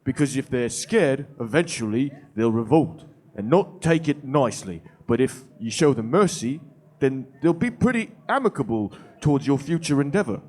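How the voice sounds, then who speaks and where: A man playing an earnest male knight arguing calmly for mercy. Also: medium pitch, moderate pace, lightly acted.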